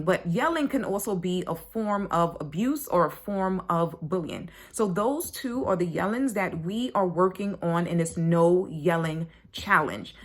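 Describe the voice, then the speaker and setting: Speaking in a mid-range, slightly bright voice, this woman coaches parents in a casual online course talk, blunt and chatty, tossing in "like" and "right?" and plenty of swearing.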